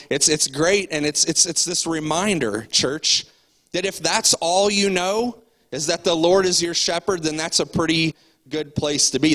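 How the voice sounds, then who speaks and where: Male pastor, easygoing conversational sermon, bright tone. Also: fairly high pitch, rough recording. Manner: conversational preaching with fillers and repeated words.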